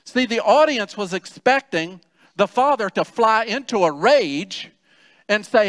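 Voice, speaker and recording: A male pastor with a high voice, preaching in a church sanctuary. He talks in a conversational way, asking the congregation questions and acting out quotes. The voice sits close and dry on the mic, with a long reverb trailing behind. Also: expressive, moderate pace, fairly bright tone. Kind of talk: sermon.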